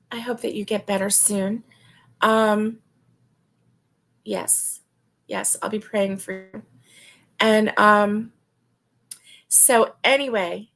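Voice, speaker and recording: A middle-aged woman hosting a casual crochet livestream, chatting warmly, laughing often and reading viewer comments aloud. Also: fairly high pitch. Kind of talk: casual live-stream chat.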